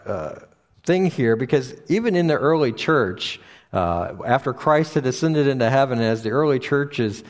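Male preacher, sermon, mid-range voice, frequent restarts, pitch rises on emphasis, long reverb. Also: expressive. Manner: halting, with frequent restarts and fillers. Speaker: pastor.

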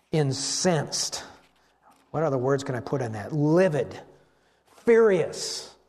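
Lively, animated male preacher. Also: on the high side. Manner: animated storytelling, acts out voices of biblical figures. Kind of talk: sermon.

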